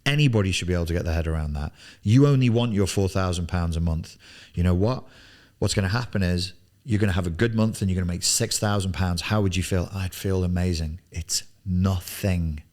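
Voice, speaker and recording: Guy in his 40s, really low voice, blunt and sweary, hammers words over and over. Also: quick pace, a little mellow. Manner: blunt, emphatic, swears freely, repeats words for emphasis. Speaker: business coach. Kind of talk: unscripted coaching monologue. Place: television studio.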